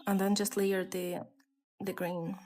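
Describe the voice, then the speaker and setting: A woman with a mixed non-native English accent, chatting casually with viewers on a live stream and slipping into soft whispered asides. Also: medium pitch, level tone, slow. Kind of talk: casual live-stream chat while coloring.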